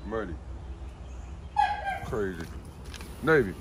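Man, bright voice, lively pitch, calling and scolding dogs, outdoors, faint birds in background. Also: slow, slight background noise. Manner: calls and scolds his dogs, loud shouting commands. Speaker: dog owner. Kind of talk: casual vlog talking to his dogs.

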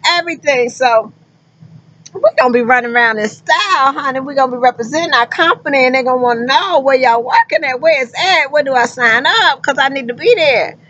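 A woman's voice: sits high, brisk, pushed and bright, dull audio. Effusive folksy woman trucker. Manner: effusive and folksy, keeps calling listeners honey and child. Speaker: truck driver and driver recruiter. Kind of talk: casual vlog talk to viewers.

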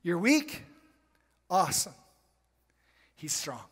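A man preaching a charismatic sermon in a church, breaking into loud bursts and dropping into quiet, slangy asides. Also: high voice, sing-song, slightly rough. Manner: preaching with sudden loud bursts and dramatic pauses. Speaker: pastor. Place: church sanctuary. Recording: reverberant church hall.

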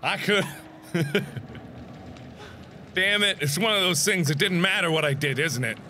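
A young man in his twenties doing let's play commentary, loud, theatrical and jokey, often breaking into shouts. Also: sits high, a little slow, slight background noise. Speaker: gaming host.

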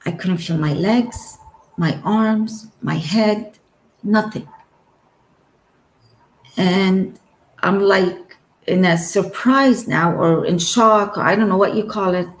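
A woman telling of her near-death experience as a guest, in an earnest way and acting out the words spoken to her. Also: mid-range voice. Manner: earnest, slow storytelling that acts out remembered dialogue. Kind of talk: personal testimony. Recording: echoey room.

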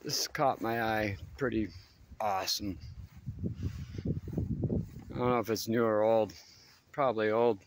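A man's voice: fairly low pitch, steady tone, takes it slowly, long pauses, background noise. Out-of-breath man walking and talking. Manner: chatty, addresses viewers directly. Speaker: vlogger. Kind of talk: casual walking vlog. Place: outdoors on a hilly school campus.

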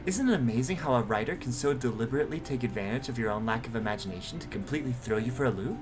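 A man voicing a shy, bookish teenage girl, reading her lines softly and hesitantly. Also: mid-range voice, expressive, racing, over music, lightly acted. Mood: earnest.

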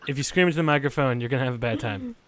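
A man's voice: medium pitch, racing. A man hosting a casual gaming podcast and taking callers, dry and blunt, teasing them about their microphones. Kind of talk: casual group chat.

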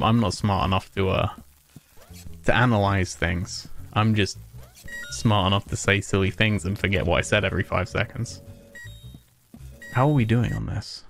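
A man's voice: lowish voice, vocal fry. A man streaming a video game, chatting casually in a rambling, self-mocking way with frequent chuckles. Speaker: gaming streamer. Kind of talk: casual let's-play commentary.

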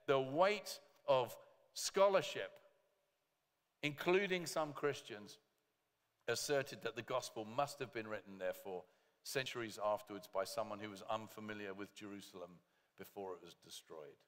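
A man preaching a sermon as pastor, lively, with joking asides to the congregation. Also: lowish voice, normal speed, long reverb tail. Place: church hall.

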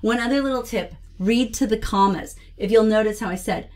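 A woman's voice: on the high side, brisk. A woman hosting a casual book review, talking enthusiastically and expressively as she shares read-aloud tips. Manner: enthusiastic, expressive, gushing about books. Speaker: host reviewing children's books.

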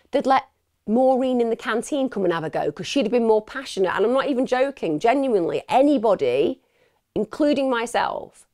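A woman presenting true crime commentary in a casual, animated and indignant way, speaking straight to her viewers. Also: medium pitch.

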